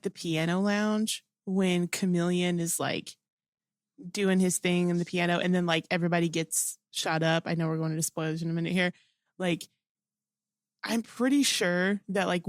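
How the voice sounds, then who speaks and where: Female podcast co-host, lowish voice, meandering casual review talk. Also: dry recording, clean studio sound. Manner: rambling, many "like" fillers. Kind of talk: casual movie review chat.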